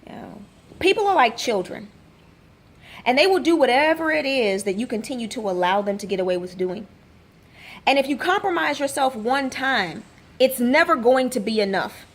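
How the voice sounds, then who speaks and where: A woman's voice: fairly high pitch, expressive, moderate pace. A woman fitness coach giving a motivational vlog rant, hammering home rhetorical questions. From Texas. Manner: emphatic, repeats rhetorical questions.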